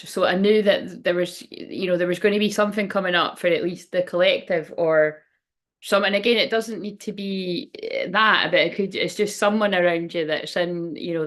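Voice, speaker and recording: A woman reading oracle cards on a casual livestream, chatty and rambling, often exclaiming and laughing at herself. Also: on the low side. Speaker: tarot and oracle card reader hosting a livestream.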